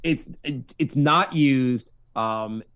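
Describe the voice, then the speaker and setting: A man's voice: medium pitch, extremely slow, a bit bright. A man co-hosting a podcast, joking around in casual banter and acting out quoted voices. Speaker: podcast co-host.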